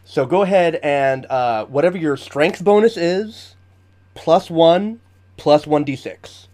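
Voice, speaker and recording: A man's voice: on the high side, slow, darkish tone. A man running a tabletop game as game master, narrating the action vividly and chatting with frequent fillers.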